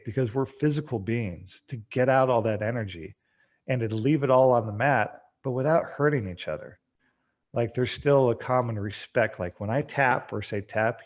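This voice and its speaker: A man speaking as a podcast guest, an energetic storyteller who acts out bits of dialogue. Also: medium pitch. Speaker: guest, treatment center founder. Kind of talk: podcast interview.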